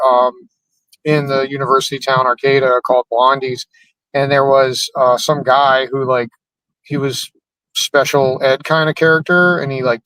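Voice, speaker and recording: A man in a casual interview, rambling through a story and leaning on "like" at every turn. His voice sits in an ordinary middle pitch. The recording is dry and close, with no room sound. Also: fairly bright tone, dry recording, poor audio. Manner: rambling, many "like" fillers. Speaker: comedian guest.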